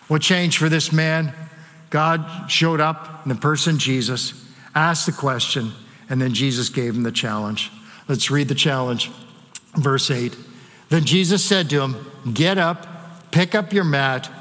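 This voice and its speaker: Bright-voiced pastor preaching. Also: male voice, a little high. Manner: conversational preaching with rhetorical questions to the congregation. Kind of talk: sermon. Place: church sanctuary. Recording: long hall reverb.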